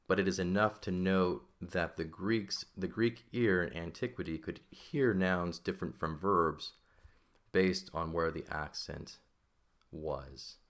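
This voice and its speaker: A man's voice: low voice, fairly bright tone. A man teaching a recorded language lesson, explaining step by step and often checking with "right?" and "okay?".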